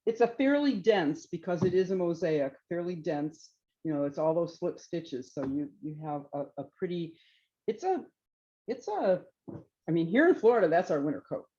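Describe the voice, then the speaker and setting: Chatty woman presenting yarns, mellow lo-fi sound. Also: lowish voice, lively intonation, normal speed. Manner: chatty, hesitant with fillers and restarts. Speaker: yarn shop presenter. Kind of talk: informal trunk show presentation.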